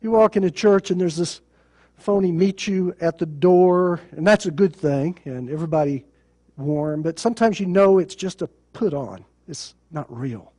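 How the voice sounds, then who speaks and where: A man's voice: high-pitched, normal speed, dark tone. A male pastor preaching a sermon in a plain conversational way, with sarcasm and rhetorical questions.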